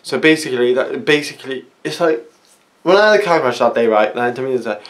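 A young man talks straight to his camera in a loose, meandering rant. His voice sits at an ordinary middle pitch, and he keeps looping back on himself with the same little filler phrases. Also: lively intonation, fast. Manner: rambling, repeats "basically" and "it's like". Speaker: vlogger.

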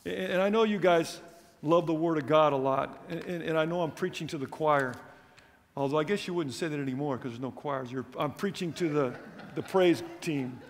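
A male preacher gives a missions conference sermon, his slightly high voice climbing on questions and numbered points. He mixes in humorous asides. The sound carries a long reverb from the church hall. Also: moderate pace. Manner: emphatic, rising on questions and lists.

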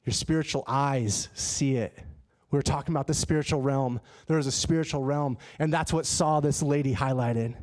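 A man preaching a sermon in a church, telling a personal story in a lively, conversational way. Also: medium pitch, normal speed, hardly any pauses. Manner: animated and conversational, acts out his own dialogue. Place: church sanctuary.

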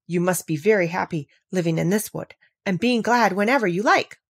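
A woman's voice: fairly low pitch, brisk, husky, no echo, clean studio sound. Woman voicing Alice, a polite little girl. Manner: gentle, polite, sometimes plaintive. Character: polite, earnest little girl, seven and a half. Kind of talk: storybook reading.

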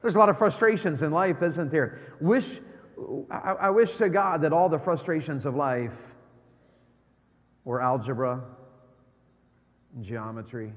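A middle-aged male evangelist preaching in a church sanctuary with a fairly high voice. He swings between loud, excited bursts and hushed, low asides. Long reverb rings through the hall. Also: unhurried, pauses often. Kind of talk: sermon.

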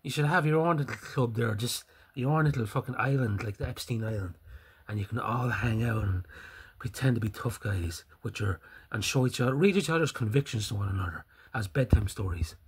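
A young Irish man delivering a sweary, scornful rant as an online commentator, hurling insults and now and then bursting into loud laughter. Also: mid-range voice, a little fast, slightly rough. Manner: breaks into loud laughing fits. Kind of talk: profane ranting commentary.

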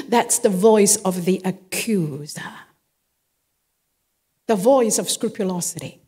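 Woman pastor, sermon, animated and slow, husky edge, long hall reverb. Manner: emphatic, repeats phrases, lively pitch swings.

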